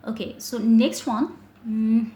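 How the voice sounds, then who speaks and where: A woman's voice: fairly high pitch, fairly even intonation, takes it slowly, warm tone. A woman teaching an online grammar class, explaining step by step with frequent fillers and self-corrections. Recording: echoey room with faint noise.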